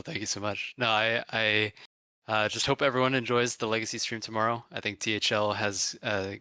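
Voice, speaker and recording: A man's voice: on the low side, pushed and bright, dry recording. A man casting esports who chats casually on stream, hesitant and full of fillers. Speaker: esports caster.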